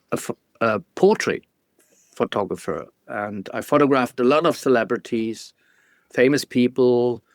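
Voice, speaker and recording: A German-accented photographer, interviewed as a guest, tells stories casually, often halting and restarting with little laughs. His mid-range voice is recorded dry, at studio quality.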